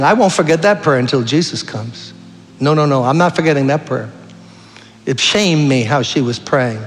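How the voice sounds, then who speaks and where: Guy preaching hard, pleading with the crowd, a bit high voiced, long echo. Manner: fervent, appealing, storytelling preacher. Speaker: guest preacher. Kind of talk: sermon. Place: church sanctuary.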